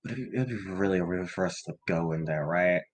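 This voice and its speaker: A man's voice: deep voice, fairly quick. A man playing in a tabletop game, talking casually and hesitantly with fillers. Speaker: player.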